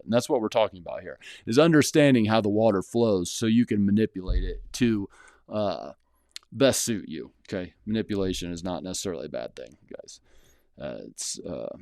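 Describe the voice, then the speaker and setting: His voice sits low with a warm tone, recorded cleanly in a studio with no room sound. As host of his own channel and a house flipper, he talks solo to camera, plainspoken and rambling, with frequent fillers and restarts.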